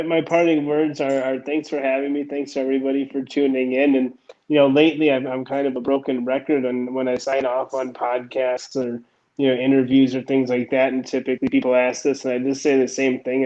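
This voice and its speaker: A man appearing as a guest on a talk show, giving an earnest, calm closing message. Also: medium pitch, a little fast, muffled recording. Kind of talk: casual interview sign-off.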